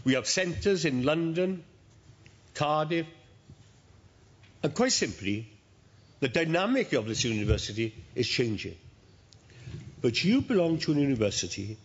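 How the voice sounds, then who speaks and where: A man, addressing graduates at a university ceremony in a measured, storytelling manner with pauses. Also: medium pitch, animated. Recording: dull lo-fi recording.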